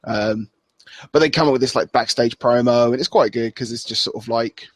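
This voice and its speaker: A podcast co-host chats casually in a medium-pitched voice, talking fairly quickly with no echo around him. His recap is loose and rambling, and he acts out wrestlers' lines with laughs.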